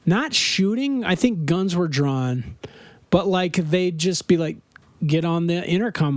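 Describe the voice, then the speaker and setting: A man's voice: high voice, lively intonation, a little slow, dry recording. A middle-aged man from Denver chatting casually on a podcast, telling rambling stories and laughing often. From Denver, USA. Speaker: podcast host. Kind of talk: casual chat.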